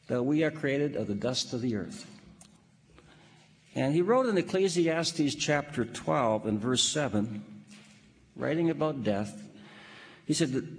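A man preaching a sermon in a measured, emphatic way, posing rhetorical questions and reading scripture. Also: medium pitch, creaky, in a large hall.

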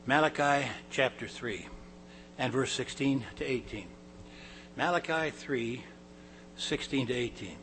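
A man's voice: medium pitch, a little slow, pauses often, a bit bright, a little hiss or hum, low-quality recording. Man preaching a Bible sermon. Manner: reads scripture aloud with rising emphasis, then explains plainly; conversational asides with small laughs and restarts. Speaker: pastor.

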